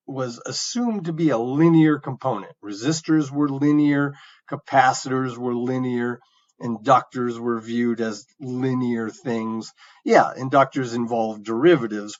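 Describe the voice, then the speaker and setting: Male lecturer, relaxed explaining tone, lots of ums and restarts, slightly muffled audio. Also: mid-range voice. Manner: conversational, with many fillers and restarts. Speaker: university lecturer. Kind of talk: recorded engineering lecture.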